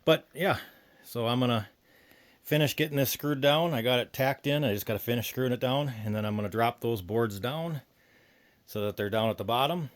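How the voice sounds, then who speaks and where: A man's voice: mid-range voice, a little fast. A man hosting a homestead video, a little winded, walking through a half-built woodshed in a loose, rambling way with lots of fillers. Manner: rambling, thinks aloud with fillers. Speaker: homesteading channel host. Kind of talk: casual DIY walkthrough. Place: woodshed under construction, outdoors.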